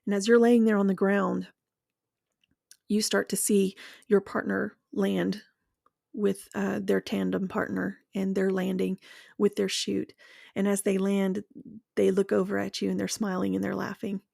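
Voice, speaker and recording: A woman speaking in a slow, measured, earnest reflective monologue, walking the listener through guided imagery and then sharing her own experience. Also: medium pitch, flat delivery, gravelly, a little mellow, no room sound, clean studio sound.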